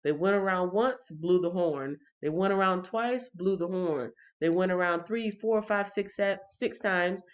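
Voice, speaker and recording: Woman hosting a live Bible reading, chatty, talks to the chat, lowish voice, dull lo-fi stream audio. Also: unhurried, hardly any pauses. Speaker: livestream host reading the Bible. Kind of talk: casual livestream Bible reading. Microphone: computer or phone mic on a livestream.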